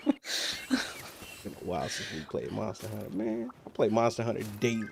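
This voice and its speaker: A man's voice: lowish voice, wildly swooping pitch, brisk, vocal fry, background noise. A man streaming a video game, chatting casually with a friend, teasing and swearing. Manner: teasing, profane, laughs often. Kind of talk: casual gaming chat.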